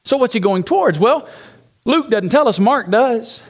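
A man preaching a teaching session to church planters, talking straight to the audience with rhetorical asides, dropping low and quiet and then climbing to loud, high shouts. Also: expressive, unhurried, breathy edge.

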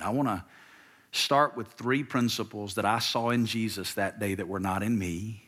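A man's voice: on the low side, fairly bright tone. A man in his fifties, a pastor preaching a sermon with emphasis and having the audience repeat lines after him.

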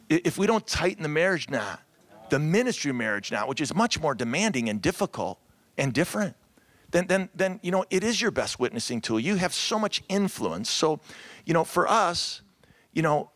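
Addressing ministry couples at a conference in a room set with round tables, a middle-aged Cleveland, Ohio pastor jokes, stays lively, calls out to his audience, and repeats words often. His voice is medium pitched, and there's no echo.

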